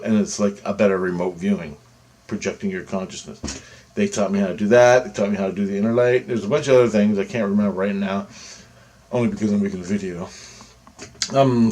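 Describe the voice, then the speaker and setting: A man's voice: on the low side, darkish tone. A man vlogging a personal story to camera in a loose, rambling way, full of asides.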